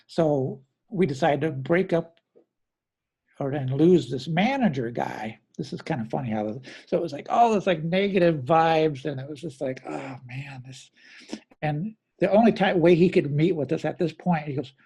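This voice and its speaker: A middle-aged man with a slightly high, gravelly voice tells a long story in a loose, rambling way. He breaks off and restarts his sentences. He sounds a bit husky as a drummer chatting in an interview. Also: expressive, moderate pace, dark tone. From American Midwest. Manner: rambling, self-correcting anecdotes with acted quotes.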